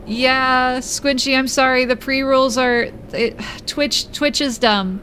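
A woman's voice: high-pitched, fairly even intonation, slow pace, sharp tone, slight background noise. A woman streamer chatting and giggling with viewers while reading game text aloud during a let's-play livestream.

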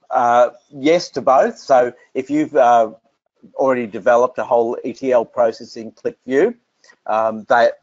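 A man with an Australian accent presenting software and answering technical questions, relaxed, with many fillers and restarts. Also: fairly low pitch, dry recording. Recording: dull, dry lo-fi audio.

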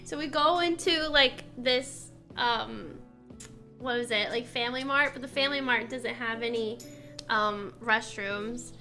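A woman's voice: fairly high pitch, unhurried, sharp tone, soft background music. A woman streamer chatting casually over a simulation game, laughing often and exclaiming at what happens. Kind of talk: casual gameplay commentary.

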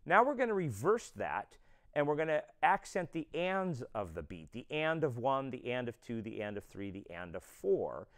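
A man's voice: medium pitch, big pitch swings, moderate pace. A man teaching a drum lesson, explaining step by step and counting beats aloud. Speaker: drum instructor.

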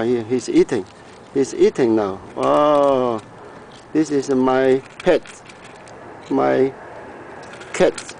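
A middle-aged man talks slowly and unhurriedly as he films around his house and yard on a handheld camera. His voice sits at a middle pitch, and he fills his pauses with little "ah"s and hums. The outdoor sound carries a faint background hiss. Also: gravelly, darkish tone, rough recording. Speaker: home video maker. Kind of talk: casual home video narration.

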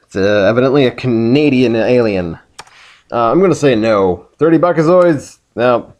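A man's voice: medium pitch, moderate pace, a little mellow. A man hosting a casual video game playthrough, joking around and reading the game text aloud. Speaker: let's play host.

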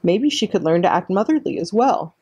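A woman librarian reading a children's chapter book aloud as a calm bedtime story. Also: on the low side, fairly quick, breathy edge, no room sound, muffled recording.

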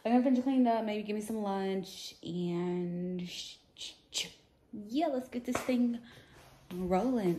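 A woman in her late twenties vlogging casually at home, rambling and thinking out loud. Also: a little high, lively intonation, normal speed, a little hiss or hum. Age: late 20s. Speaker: vlogger and nail tech. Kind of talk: casual vlog chat.

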